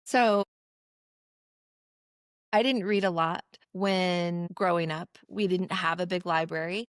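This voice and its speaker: A woman's voice: on the low side, fairly even intonation, slow, clean tone, dry recording, studio quality. A woman co-hosting a podcast, chatty and sometimes searching for her words. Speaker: podcast co-host. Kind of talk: casual podcast conversation.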